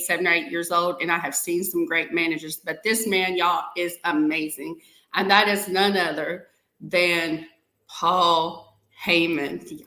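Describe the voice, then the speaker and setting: A woman's voice: fairly low pitch, reverberant, a little hiss or hum. A woman hosting a podcast, talking casually to viewers and often saying "y'all". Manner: chatty, warm toward viewers, says "y'all" often. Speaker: podcast host. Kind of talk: casual live-stream talk to viewers.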